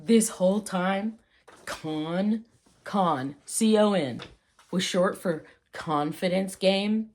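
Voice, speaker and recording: A woman vlogging casually about slang, playful and rambling, with jokey asides and quick tangents. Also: medium pitch, a little mellow. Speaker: vlogger explaining old slang. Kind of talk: casual chat.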